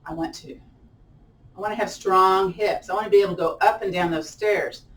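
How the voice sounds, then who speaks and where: A woman's voice: mid-range voice, fairly even intonation, quick pace, fairly bright tone. Chatty woman guiding chair yoga in an echoey room. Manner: encouraging, chatty, with cheerful whoops. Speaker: yoga instructor. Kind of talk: guided chair yoga class. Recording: echoey room, voice a bit far from mic.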